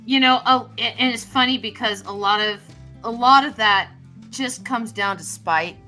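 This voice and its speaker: A woman chatting casually on a podcast, musing and halting as she searches for words. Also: a little high, sharp tone, soft background music. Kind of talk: casual chat.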